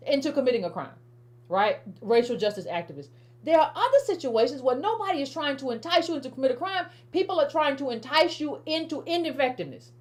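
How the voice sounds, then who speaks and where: A woman speaks, giving casual political commentary straight to her audience. She talks emphatically, repeating phrases and restarting her sentences as she drives each point home. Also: on the high side. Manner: emphatic, repetitive, stammering restarts, addresses viewers as family. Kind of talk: casual direct-to-camera commentary.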